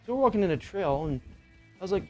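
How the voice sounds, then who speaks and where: A middle-aged man tells a personal ghost story in a loose, rambling way. His voice sits a bit high for a man, and he swears freely and fills the gaps with ums and you-knows. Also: animated, quick pace, lo-fi sound, soft background music. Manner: rambling, profane, with filler words. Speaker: podcast co-host. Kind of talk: casual storytelling chat.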